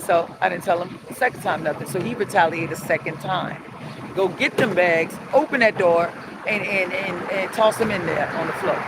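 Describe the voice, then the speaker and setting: A woman's voice: lowish voice, a little fast. A middle-aged woman with a New Orleans accent, ranting profanely and heatedly on a live stream from a city street at dawn, filmed on a phone. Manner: heated, profane, animated storytelling with sing-song chanting. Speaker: street vlogger. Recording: loud outdoor city traffic noise.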